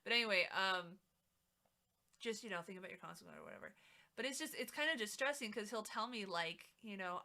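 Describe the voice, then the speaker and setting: Brief: female streamer, rambling casual chat, lots of ums, crisp bright tone, mic a bit off the mouth. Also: medium pitch, very animated, brisk. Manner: rambling, chatty, many fillers. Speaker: live streamer. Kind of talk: casual chat while crafting. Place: home streaming setup. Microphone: mic set a little away from the mouth.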